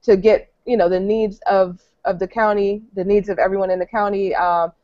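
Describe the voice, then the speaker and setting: A woman's voice: mid-range voice, little pitch movement, moderate pace, warm tone. Upbeat woman hosting a video call. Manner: informal, upbeat, with many fillers. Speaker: co-host of an online teacher edcamp. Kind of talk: casual online meeting talk. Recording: dull, dry video-call audio.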